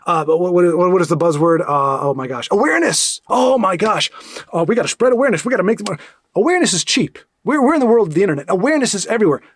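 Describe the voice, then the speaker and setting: Man, casual monologue, rambling, many restarts, high voice, quick talker. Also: dry recording, studio quality. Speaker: podcast host.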